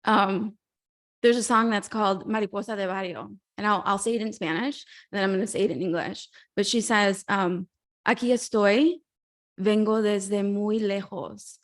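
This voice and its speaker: A woman life coach giving a heartfelt, encouraging motivational talk over a video call, with soft laughs now and then. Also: medium pitch, fairly even intonation, fairly quick. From Mexico.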